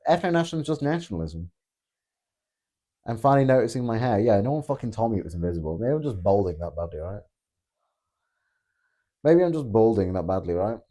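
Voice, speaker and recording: A man's voice: lowish voice, sing-song, quick pace, long pauses, warm tone. A man hosting a casual live stream, answering chat in a blunt, joking way with plenty of swearing. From Britain. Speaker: political streamer reading chat.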